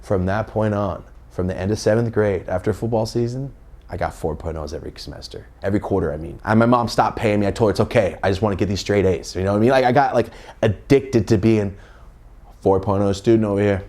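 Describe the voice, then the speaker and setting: A young man telling a comedic story about his childhood to camera, with loud bursts and muttered asides. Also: lowish voice, quick pace. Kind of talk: casual story time to camera.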